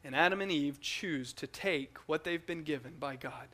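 A man preaching a teaching sermon in an emphatic, animated way, often repeating words as he goes. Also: a little high, moderate pace.

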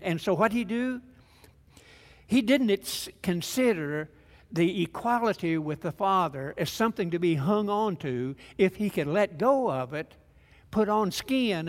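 A man's voice: sits high, long reverb tail. An older man, a pastor, preaching a sermon in a folksy, conversational way with frequent restarts, rising to fervent emphasis.

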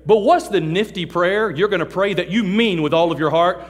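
A man preaching a sermon in a large hall, animated and joking, acting out the people he talks about. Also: high voice, moderate pace. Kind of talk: sermon to a youth service. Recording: long hall reverb.

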